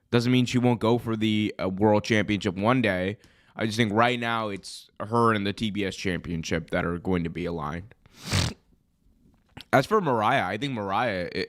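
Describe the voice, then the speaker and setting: A young man who is hoarse from being sick, hosting a live wrestling commentary stream in a chatty, rambling way that often corrects itself. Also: on the low side. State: hoarse, recovering from illness. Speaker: wrestling show host.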